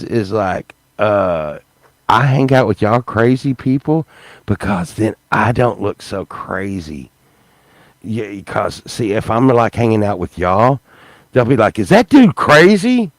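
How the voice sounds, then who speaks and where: Slow, gravelly man rambling to camera. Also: lowish voice, no echo. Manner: rambling, repetitive, laughs mid-sentence. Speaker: YouTube vlogger. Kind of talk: rambling casual vlog chat.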